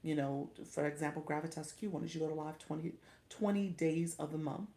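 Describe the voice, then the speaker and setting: A woman's voice: deep voice, fairly quick, warm tone. A middle-aged woman, chatting casually on a livestream as a coach and often laughing with viewers. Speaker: live coach.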